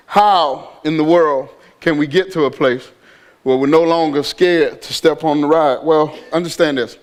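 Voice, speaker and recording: A man pastor preaching a sermon, telling a family story and building to shouted exhortation. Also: on the high side, measured pace.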